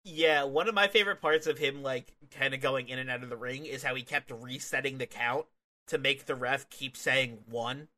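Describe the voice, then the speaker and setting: A man's voice: mid-range voice, moderate pace. A young man co-hosting a podcast, casually reviewing a wrestling match, laughing often and acting out the wrestlers. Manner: laughs often, acts out wrestlers in animated bursts. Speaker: podcast co-host.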